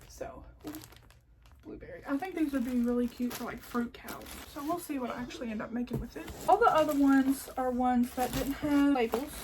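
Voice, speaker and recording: A woman's voice: high-pitched, moderate pace, slight background noise. Chatty woman with a Southern country accent. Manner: chatty, rambling, many "like" fillers, drops to a near-whisper at times. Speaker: crafting vlogger. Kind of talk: casual yarn haul show-and-tell. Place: home, indoors.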